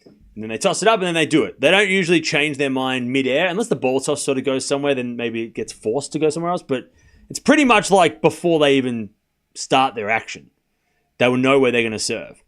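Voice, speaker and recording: A man's voice: medium pitch, lively intonation, a little fast, a bit bright. A man hosting a live tennis watchalong stream, calling points and chatting casually with his viewers. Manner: chatty, laughs often, talks to chat. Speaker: host.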